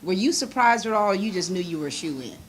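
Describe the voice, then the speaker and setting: A woman's voice: medium pitch, expressive, fast, slight background noise. A chatty woman hosting a local TV interview, laughing often. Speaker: host.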